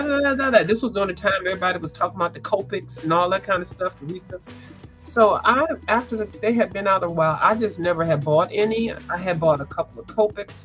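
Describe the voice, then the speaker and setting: A woman, chatting casually and rambling as she hosts a coloring livestream, sounding congested and clearing her throat. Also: lowish voice. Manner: chatty, rambling, lots of asides and restarts. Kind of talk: casual chat.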